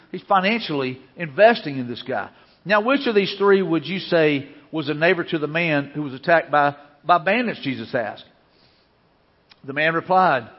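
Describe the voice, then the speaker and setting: A man's voice: high voice, lively intonation, a little fast, breathy edge. A man preaching a sermon as pastor, earnest and repeating his key phrases for emphasis. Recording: dull lo-fi sound with long hall reverb.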